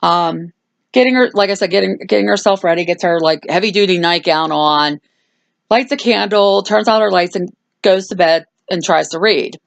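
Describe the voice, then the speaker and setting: A woman's voice: on the low side, moderate pace, creaky, dry recording. A woman hosting a casual movie review, rambling through a plot recap with lots of fillers. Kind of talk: casual chat.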